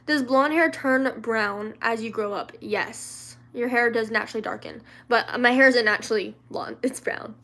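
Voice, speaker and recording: A woman's voice: on the high side, slow, fairly bright tone. A young woman from the American South chatting casually on a livestream, answering viewer questions with lots of fillers, restarts and giggles. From Louisiana, raised in the American South.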